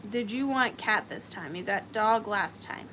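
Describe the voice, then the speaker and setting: Woman, live-stream seller, bright tone, chatty, playful, faint noise behind. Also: mid-range voice, lively intonation, a little slow. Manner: chatty, playful, talks to viewers by name. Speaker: online seller hosting a live sale.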